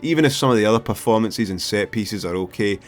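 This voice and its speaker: A brash Scottish man hosting a film review video, lively and quick to swear. His voice sits fairly low, with faint music behind him. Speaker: film reviewer and YouTube host. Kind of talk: casual comedic video commentary.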